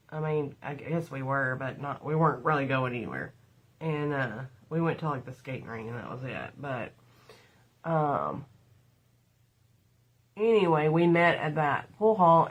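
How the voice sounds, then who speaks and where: A woman's voice: on the low side, fairly bright tone. A middle-aged woman, telling rambling stories to her livestream viewers while doing her makeup. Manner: chatty, rambling, addresses viewers as y'all. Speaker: livestream host. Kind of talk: casual storytelling and makeup livestream.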